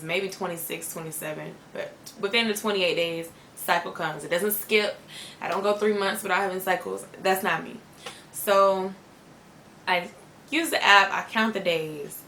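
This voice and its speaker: A woman's voice: lowish voice, bright, forceful tone. A young woman vlogger telling a personal story straight to her viewers in a candid, chatty way. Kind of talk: storytime vlog. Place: at home, indoors. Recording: echoey room with faint noise.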